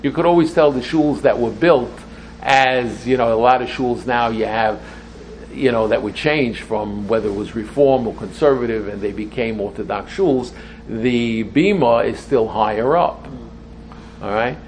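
An older man giving an informal Torah class to a small group. He talks in an excitable, rambling way and mixes Hebrew phrases into his English. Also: mid-range voice, moderate pace, slight background noise. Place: room with a small audience.

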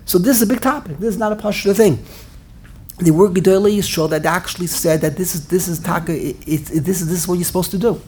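Woman, low voice, husky, religious class lecture, rhetorical questions, thinking aloud. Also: fast talker, darkish tone. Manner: emphatic, with many rhetorical questions; talks with many restarts while thinking aloud. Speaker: Torah teacher.

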